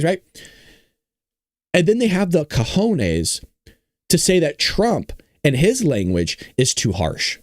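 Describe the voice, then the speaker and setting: Animated indignant male commentary host. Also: a little high, slow pace, long pauses, no echo, clean studio sound. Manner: indignant and blunt, addresses viewers directly. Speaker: show host. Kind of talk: political commentary reacting to news.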